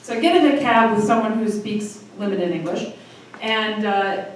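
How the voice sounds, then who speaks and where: A woman in her thirties from Michigan, USA, hosts a live storytelling night in front of an audience, sharing a personal story in a chatty, self-deprecating way with quick asides. Her voice is medium in pitch. The distant mic picks her up from afar in an echoey room, with faint noise.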